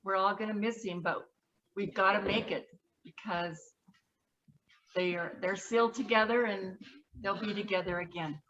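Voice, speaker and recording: A woman sharing memories at a memorial gathering, halting and emotional, her voice often trailing off softly. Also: mid-range voice, steady tone, dull audio. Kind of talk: memorial tribute speech.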